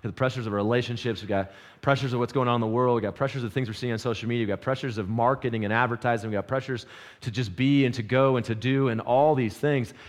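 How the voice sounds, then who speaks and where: A man's voice: medium pitch, fast talker. A man preaching a casual sermon, telling a story and asking the congregation questions. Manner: animated, storytelling, asks the crowd questions; quiet and hushed in prayer. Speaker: pastor.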